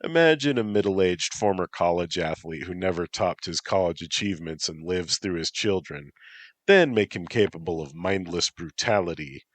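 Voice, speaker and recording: A man's voice: low voice, expressive, normal speed, fairly bright tone, no echo. A man voicing a blunt, dry-witted female yokai aide in a storybook reading. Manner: dry, blunt advice-giving.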